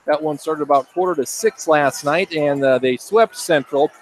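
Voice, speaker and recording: Male sports announcer, slightly higher voice, loose conversational pre-game talk, faint room hum. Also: normal speed, poor audio. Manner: conversational with frequent fillers and self-corrections. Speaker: play-by-play announcer.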